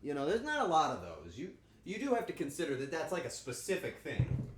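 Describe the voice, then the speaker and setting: A streamer with a voice on the high side cooks in his home kitchen during a livestream, speaking briskly. Against an echoey room and background noise, he exchanges crude, lively jokes with his chat.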